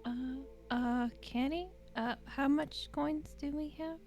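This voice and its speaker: A woman's voice: high voice, fairly even intonation, slow pace, a little mellow, faint music behind. A woman playing in an online tabletop game, giggly and hesitant. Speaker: player.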